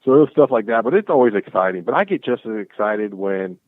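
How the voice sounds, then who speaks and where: A man guest chatting casually, telling stories in an excitable way and acting out the back-and-forth. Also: on the low side, fast talker, no room sound. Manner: excitable, acts out quoted exchanges. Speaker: guest, clothing brand founder. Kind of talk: casual storytelling chat. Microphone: call audio. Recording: tinny phone-like call line.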